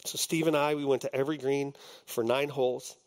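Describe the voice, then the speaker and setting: On a stage before a congregation, a male pastor shares a personal story in a conversational sermon, with plenty of ums and restarts. His mid-range, darkish voice holds a steady tone and runs a little fast.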